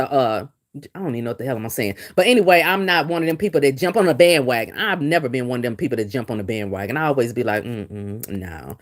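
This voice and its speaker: A middle-aged woman talks on a casual livestream. Her voice sits low, but it swings widely in pitch as she vents and greets viewers in the chat. She speaks into a computer or phone mic. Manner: animated, talks back to live comments. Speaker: livestream host.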